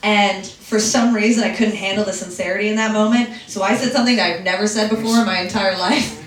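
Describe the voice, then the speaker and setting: A young woman from Philadelphia telling a stand-up story in a chatty, self-deprecating way, with quick asides. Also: mid-range voice, fairly even intonation. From Philadelphia, USA. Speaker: stand-up comedian. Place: comedy club stage. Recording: echoey room, distant mic, audience laughter.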